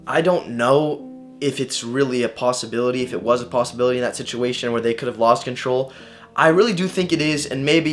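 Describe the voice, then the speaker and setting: Young male vlogger, casual animated storyteller, slangy and profane, mid-range voice. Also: mid-range voice. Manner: animated, swears, slangy, restarts a lot.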